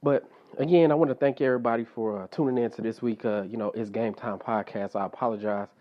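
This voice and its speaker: A man's voice: mid-range voice, steady tone, fast talker, muffled recording. Stuffy-nosed man talking on his podcast. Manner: conversational, repeats himself, lots of fillers like "like" and "you know". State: stuffed up and a little out of breath. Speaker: podcast host. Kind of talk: casual solo podcast monologue.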